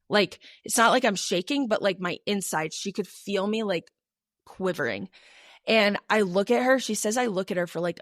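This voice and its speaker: A woman's voice: medium pitch, no echo, clean studio sound. A young adult woman co-hosting a podcast, telling a personal story in a casual, chatty way with many fillers. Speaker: podcast co-host.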